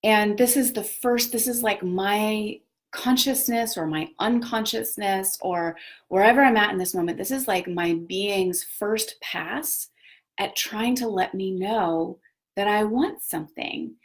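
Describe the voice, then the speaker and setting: A medium-pitched woman speaks a little slowly as host of a casual live video talk on personal growth. She's an adult parent of children, and her reflective, chatty style includes frequent fillers and self-corrections.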